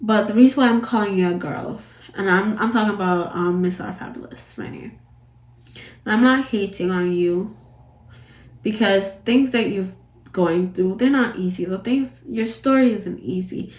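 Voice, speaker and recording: A Jamaican woman chatting to camera in a casual commentary vlog. She rambles and circles back over her points at a middle pitch. Her voice bounces around a roomy space. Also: moderate pace. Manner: chatty, rambling, repeats herself. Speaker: vlogger. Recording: roomy echo.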